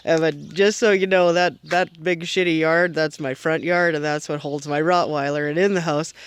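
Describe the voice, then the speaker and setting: A man's voice: a little high, fairly even intonation, moderate pace, clean tone, no echo. A man playing a brash foul-mouthed middle-aged mom, ranting sarcastically and mockingly to the camera in a comedic vlog. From Canada. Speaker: comedy vlogger.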